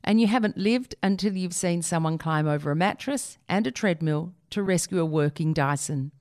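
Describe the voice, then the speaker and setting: A woman's voice: on the low side, normal speed, darkish tone. A woman, reading a humorous opinion piece aloud on the radio with a wry, lightly comic delivery. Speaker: radio reader.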